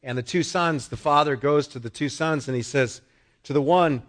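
A man's voice: mid-range voice, normal speed. A middle-aged man preaching a sermon, emphatic, repeating phrases and acting out the voices he quotes. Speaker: pastor.

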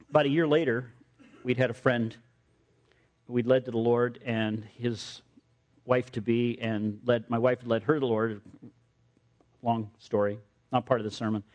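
A man's voice: mid-range voice, steady tone, unhurried, pauses often, darkish tone, dull audio. A middle-aged man, a pastor, preaching a sermon with personal stories, acting out quotes and using dry humor.

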